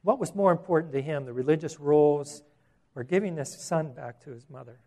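A man's voice: fairly high pitch, fairly quick, mellow. A man preaching a sermon, earnest, with repeated words and rhetorical questions.

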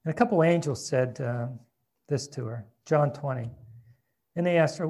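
A man preaching a sermon in a conversational way, reading scripture aloud and dropping to a soft, hushed voice at tender moments. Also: a little high, moderate pace. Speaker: pastor.

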